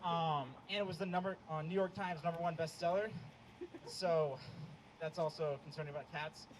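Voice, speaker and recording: A young man doing a stand-up set outdoors, hesitant and deadpan, with many ums. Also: a little high, normal speed. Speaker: stand-up comedian. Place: outdoor show in the cold. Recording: noisy outdoor recording.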